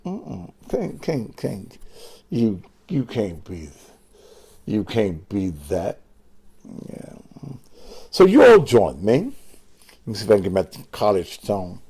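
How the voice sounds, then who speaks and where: An older man hosts an online show, ranting in a crude, combative way as he curses at and mocks commenters in a profane live stream. His voice is on the low side, mellow with a breathy edge, and swings widely in pitch. He takes it slowly, with long pauses.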